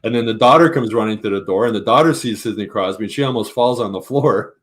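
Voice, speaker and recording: A man's voice: lowish voice, fast, slight background noise. A man with a Canadian accent, a hockey columnist guest, telling anecdotes in casual chat and acting out the quotes. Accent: Canadian English. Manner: animated anecdote teller, acts out quotes.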